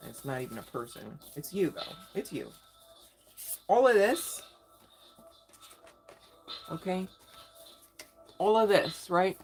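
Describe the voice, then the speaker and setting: A woman giving a casual live tarot reading, slangy and emphatic, talking straight to her viewers. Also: on the low side. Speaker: tarot reader. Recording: faint music in background.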